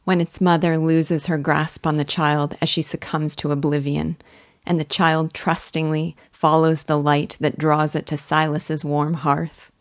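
A woman's voice: sits low, little pitch movement, no room sound, clean studio sound. A woman giving earnest, admiring scripted commentary on a classic novel as a literature guide. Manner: earnest, admiring, measured reading.

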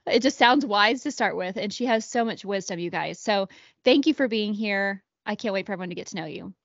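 A woman's voice: medium pitch, brisk, dry recording, muffled recording. A woman hosting a podcast, bubbly and effusive as she introduces and interviews a guest. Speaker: podcast host.

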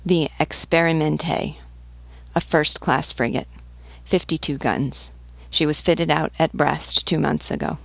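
A woman's voice: low voice, fairly even intonation, unhurried, vocal fry, dry recording, heavily acted. A woman reading the lines of a knowledgeable male ship's pilot who lists enemy ships in a matter-of-fact way.

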